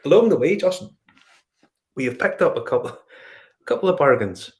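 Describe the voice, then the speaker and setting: A middle-aged man with a Northern Irish accent, telling animated travel stories in casual chat and acting out the dialogue. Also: a little high, normal speed. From Northern Ireland. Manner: animated storyteller, acts out dialogue. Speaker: whiskey show guest.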